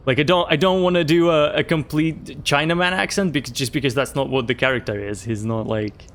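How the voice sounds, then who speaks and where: A man in casual let's-play chat, rambling and halting as he talks through a game. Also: on the high side, fairly even intonation, a bit bright. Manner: rambling, halting, swears and laughs a lot. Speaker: gamer playing with friends.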